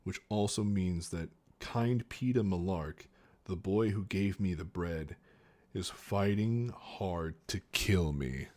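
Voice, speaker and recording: Brief: deep-voiced guy reading a novel live, unhurried, jokey asides on a desk mic. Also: animated. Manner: slow reading broken by joking asides. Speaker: streamer. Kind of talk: casual storybook reading on stream.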